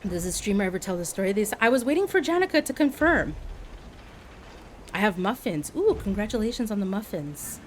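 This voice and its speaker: A woman in her thirties from Quebec, a streamer telling a story to her chat in a casual, animated way. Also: medium pitch, a little fast, slight background noise. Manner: animated, acts out quoted voices.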